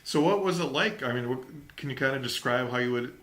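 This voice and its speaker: A man interviewing a guest, asking halting questions that restart midway. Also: mid-range voice, fairly bright tone. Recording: echoey room, voice off-mic.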